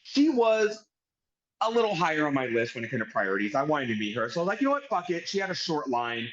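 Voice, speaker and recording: A man co-hosting a podcast, telling a story in casual chat with animated, profane delivery. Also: fairly high pitch, quick pace, highs cut off. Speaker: podcast co-host.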